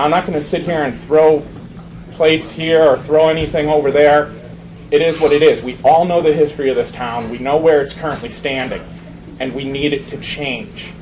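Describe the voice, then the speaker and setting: A man running for mayor, giving an impassioned, emphatic campaign speech. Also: on the high side. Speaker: mayoral candidate. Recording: noisy room recording.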